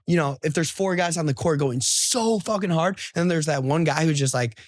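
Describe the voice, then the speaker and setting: A man's voice: on the high side, brisk, dry recording, studio quality. A man talking as a podcast guest in loose, rambling chat, full of fillers and casual swearing. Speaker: guest, head of sales. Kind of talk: casual conversation.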